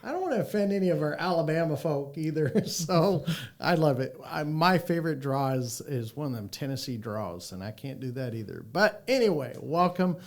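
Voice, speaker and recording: A man hosting a sales podcast, talking in an upbeat, energetic and joking way. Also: a little high, normal speed, vocal fry. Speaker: podcast host, annuity sales coach. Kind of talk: casual podcast chat.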